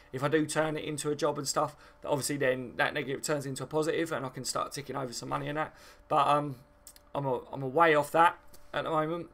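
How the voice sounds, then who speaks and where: A man's voice: medium pitch, fairly bright tone. A man from the south of England, chatting casually on a football live stream and answering viewer comments, rambling and full of fillers.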